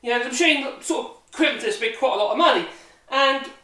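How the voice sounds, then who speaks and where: A hobby woodworker rambles casually through a home workshop vlog, correcting himself as he walks through a machine. His voice is very high-pitched, racing, pushed and bright. The recording is echoey and noisy, with the mic set at a distance.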